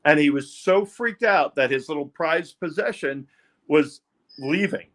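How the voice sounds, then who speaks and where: Older New man, halting storyteller. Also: fairly high pitch, animated, fairly bright tone. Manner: rambling, halting, repeats words. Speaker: interview guest, music producer. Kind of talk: candid personal storytelling.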